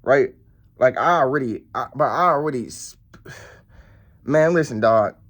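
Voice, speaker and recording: A man's voice: mid-range voice, a little slow, fairly bright tone. A man telling a story to camera in a blunt, profane, rambling way. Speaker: vlogger. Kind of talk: casual storytelling.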